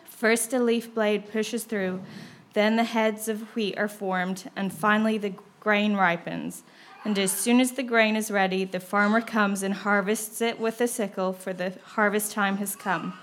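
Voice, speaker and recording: A woman reading scripture aloud at a steady, measured pace. Her delivery is even and deliberate, the sound of a prepared reading. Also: mid-range voice.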